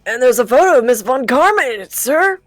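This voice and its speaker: An eager, loyal young male detective, as a woman puts him on, earnest and dutiful. He talks in a lively, up-and-down voice that sits fairly high. The sound is dry and close. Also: a little fast, no echo, soft background music. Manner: earnest, ends lines with "sir" and "pal". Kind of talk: reading game dialogue aloud.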